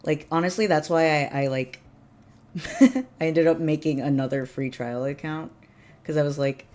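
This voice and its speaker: A woman livestreaming, chatting casually with viewers, laughing often and breaking into excited bursts. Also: deep voice, normal speed. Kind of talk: casual live-stream chat.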